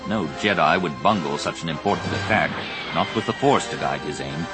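A man narrating an audiobook in an expressive, measured storytelling voice, with music underneath. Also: deep voice. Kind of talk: scripted narration.

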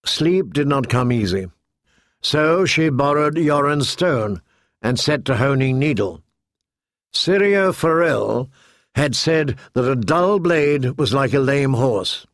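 A man reading a novel aloud with measured, even delivery. His pitch sits mid-range for a man. The sound is dry and close, with no room echo. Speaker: audiobook narrator. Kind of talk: scripted narration.

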